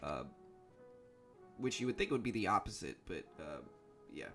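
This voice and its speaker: Relaxed Southern man livestreaming. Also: low-pitched, moderate pace, faint music behind. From South Louisiana. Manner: relaxed, rambling, lots of fillers. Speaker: stock trading livestream host. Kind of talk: casual livestream chat.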